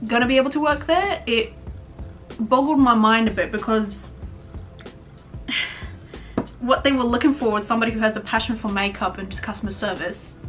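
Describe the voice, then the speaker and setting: A young adult woman talks candidly about her life in a personal vlog, rambling and swearing casually. Her voice is on the high side and a bit bright.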